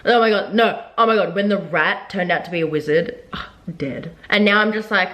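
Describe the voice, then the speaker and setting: A young woman with a fairly low voice talks through her reactions to a book in a casual vlog. She is animated and exasperated, and she swears freely. Her voice echoes around a roomy room. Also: normal speed.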